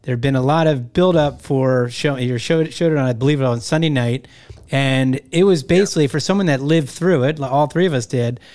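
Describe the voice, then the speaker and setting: A man's voice: medium pitch, brisk, darkish tone. A man hosting an interview, asking questions in a conversational, rambling way. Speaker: interview host. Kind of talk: interview chat.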